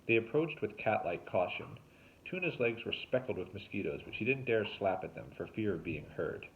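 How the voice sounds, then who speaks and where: A man, a teacher, reading a novel aloud with expressive storytelling. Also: moderate pace, a little hiss or hum. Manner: expressive storytelling with lively pitch. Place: home, remote recording. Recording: tinny phone-like sound.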